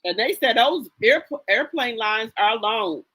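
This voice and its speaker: A woman's voice: fairly high pitch, lively intonation, unhurried, pushed and bright, slightly rough, low-quality recording. A woman hosting a live stream, chatting casually about gossip and greeting viewers by name in a sassy, chatty way. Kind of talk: casual gossip commentary, reading chat aloud.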